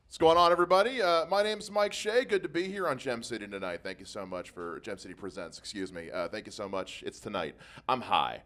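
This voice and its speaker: A man with a Dayton accent opening a stand-up set on a club stage, laid-back and self-deprecating with halting delivery. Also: lowish voice, animated, fairly bright tone, a little hiss or hum. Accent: Dayton, Ohio. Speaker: stand-up comedian.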